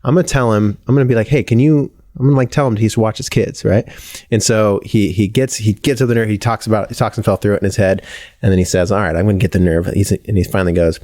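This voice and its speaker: Fast-talking low-voiced male podcast host. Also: no room sound, clean studio sound. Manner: rambling, swears freely, gets animated retelling stories. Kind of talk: casual conversational podcast chat.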